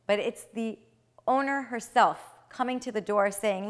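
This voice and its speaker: A woman with a fairly high voice tells a traditional story, her delivery swinging between soft and loud. She slows down for the dramatic moments. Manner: expressive, with swings in loudness and slowed dramatic phrases. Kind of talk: spoken retelling of a traditional tale.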